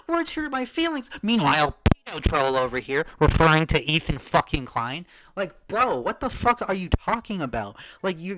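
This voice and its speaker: A man ranting in a reaction commentary, heated and profane, swinging from shouts to mutters. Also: fairly high pitch, low-quality recording. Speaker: commentary streamer.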